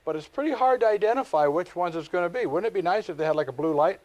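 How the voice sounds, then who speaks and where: Man, real estate trainer, folksy class lecture, stories and asides, a bit high-voiced. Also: fast talker. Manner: folksy storytelling, animated asides.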